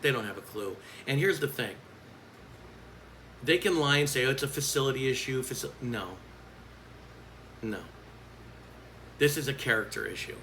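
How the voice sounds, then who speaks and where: A man's voice: mid-range voice, expressive, unhurried, long pauses, bright, forceful tone, slight background noise, low-quality recording. A man who works as a coach, speaking in a bitter, blunt and profane vlog rant.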